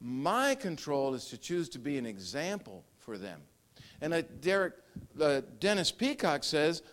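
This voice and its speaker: Older male pastor with a rather high voice; conversational sermon, frequent restarts and small chuckles. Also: big pitch swings, measured pace, fairly bright tone. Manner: conversational, repeats words, chuckles.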